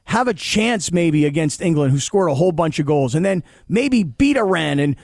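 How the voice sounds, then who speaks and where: A man's voice: on the high side, expressive, normal speed, darkish tone, no room sound, clean studio sound. Joking male sports radio host. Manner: joking, self-deprecating banter. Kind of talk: casual sports talk.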